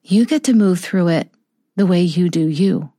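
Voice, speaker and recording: A middle-aged woman speaking softly and slowly about a personal loss in a heartfelt, reflective monologue. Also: lowish voice, breathy edge, no room sound, clean studio sound. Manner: soft, slow and heartfelt, with tender pauses. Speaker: vlogger sharing a personal story.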